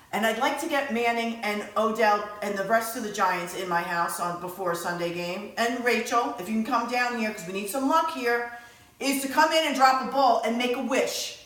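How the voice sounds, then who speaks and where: A chatty, excitable woman walks through a home cooking demo, her voice pitched high. She rambles with plenty of fillers. The kitchen around her rings with echo. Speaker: home cook. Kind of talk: casual cooking demonstration.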